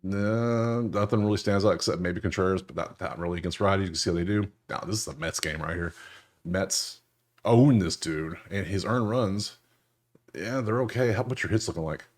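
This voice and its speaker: A young man casually breaking down baseball betting picks over a screen share, slangy and joking, with loud incredulous outbursts. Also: sits low, a little fast. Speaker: sports betting analyst.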